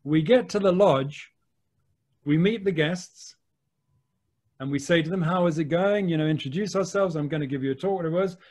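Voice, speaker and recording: An English man, a wildlife photographer, telling lively anecdotes with the odd mild swear word over a video call. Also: fairly high pitch, a little fast. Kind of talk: anecdotal storytelling.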